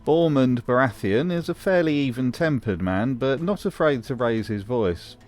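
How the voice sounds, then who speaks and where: A man's voice: medium pitch, lively intonation, normal speed, darkish tone, soft background music. A man hosting a scripted commentary, delivering it with dry, mocking humor. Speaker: host.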